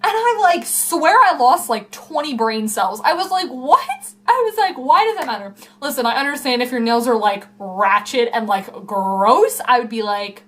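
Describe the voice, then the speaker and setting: A woman's voice: fairly high pitch, expressive, normal speed, few pauses, a bit bright. A young woman chatting casually to camera at home in a vlog, rambling and full of fillers. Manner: rambling, filler-heavy, self-interrupting. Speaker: YouTuber. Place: home room.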